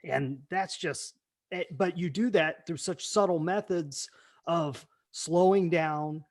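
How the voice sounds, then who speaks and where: A male podcast host with a fairly high voice. He chats casually, backs up his guest and laughs easily. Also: takes it slowly. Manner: affirming, laughs along. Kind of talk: casual interview chat.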